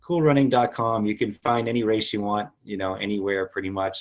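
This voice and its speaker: Low-voiced man telling a story. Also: a little fast. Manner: animated retelling, jumps into quoted voices; many fillers and restarts. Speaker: podcast guest. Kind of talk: casual storytelling.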